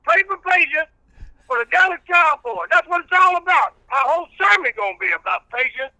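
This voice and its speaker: A man's voice: extremely high pitch, expressive, brisk, sharp tone, no echo, voice pushed up, heavily acted, rough recording. A man voicing a folksy older male preacher who drawls, preaches and calls everyone boy. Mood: preaching. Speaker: reverend caller.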